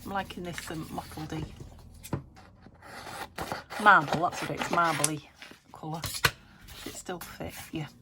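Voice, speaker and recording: A British woman chatting casually as she crafts at home, rambling, thinking aloud and dropping into soft muttered asides. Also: low voice, measured pace, long pauses. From United Kingdom. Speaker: craft vlogger. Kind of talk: casual chat while crafting. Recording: steady background noise.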